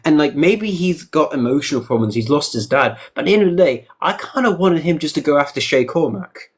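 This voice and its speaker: A man's voice: a little high, animated, a little fast, slightly rough. A man in casual podcast chat, opinionated and emphatic, with frequent "you know" asides. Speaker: podcast co-host.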